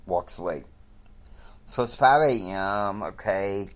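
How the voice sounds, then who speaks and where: A man casually retelling a family story, halting often and quoting each person with "he's like". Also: fairly low pitch. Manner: slow, halting, quotes characters with "he's like".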